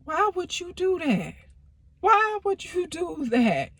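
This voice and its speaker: A startled older mother with a shrill, high voice, as a woman storyteller puts her on. She fires off rapid questions in a squeaky, rising tone. The sound is close and dry, with no room around it. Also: sing-song, dry recording. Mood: alarmed.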